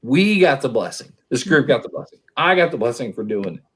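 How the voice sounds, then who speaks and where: A man's voice: mid-range voice, big pitch swings, brisk, a bit bright, slightly rough. A middle-aged man from Oklahoma telling stories in casual chat, rambling and restarting his sentences. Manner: rambling storyteller, many restarts.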